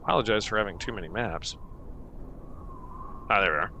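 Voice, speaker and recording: A man's voice: on the low side, brisk, sharp tone, slight background noise. A man narrating a tabletop game as game master, meandering with many fillers.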